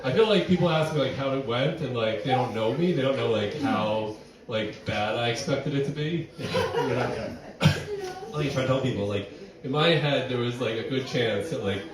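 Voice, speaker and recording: A man's voice: mid-range voice, moderate pace, a crowd in the background. Rambling man doing stand-up in an echoey barn. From New York City. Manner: rambling, self-deprecating, full of fillers and restarts. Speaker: stand-up comedian. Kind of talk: stand-up set. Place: barn venue with live audience. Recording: echoey room, distant mic, audience.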